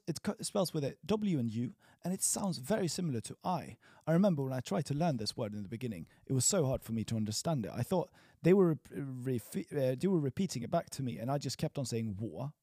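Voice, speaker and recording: A man teaching a casual language lesson, chatty, repeating words slowly for learners. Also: medium pitch, mellow, breathy edge, no room sound, clean studio sound.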